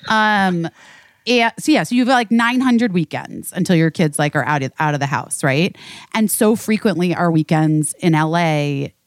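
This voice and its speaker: Woman, 30s, podcast co-host; rambling, swears, slightly low voice, dry close sound. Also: lively intonation, normal speed, no echo. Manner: rambling, emotional, swears freely. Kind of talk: candid casual chat.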